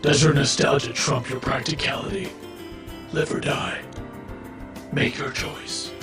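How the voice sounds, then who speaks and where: A man voicing a sinister, taunting male killer who speaks in a slow, menacing, gravelly half-whisper. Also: natural voice. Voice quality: gravelly low rasp. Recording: distant echoey voice under loud music.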